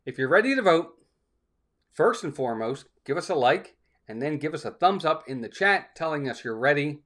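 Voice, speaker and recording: A man's voice: a little high, very animated, normal speed, a bit bright. A man hosting a live stream in a casual, upbeat way, greeting chat viewers one by one by name.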